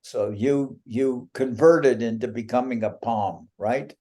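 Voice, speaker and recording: A man's voice: medium pitch, warm tone. A man, a spiritual teacher, chatting and joking with devotees over a video call, teasing them and drawing out his punchlines. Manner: playful teasing, drawn-out punchlines. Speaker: spiritual teacher giving a talk.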